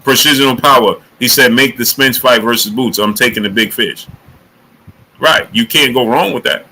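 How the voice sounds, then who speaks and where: Guy hosting a boxing live stream, hammering the same question at chat, sharp bright voice. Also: medium pitch, normal speed, poor audio. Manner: energetic, emphatic, repeats questions. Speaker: boxing show host. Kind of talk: live-stream talk with chat shout-outs.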